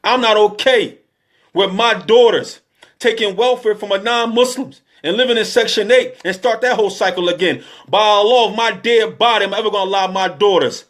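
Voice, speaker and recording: A man's voice: sits high, moderate pace, a bit bright. A man in his thirties giving an emotional, pleading exhortation, repeating his calls over and over. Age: 30s. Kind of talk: impassioned exhortation.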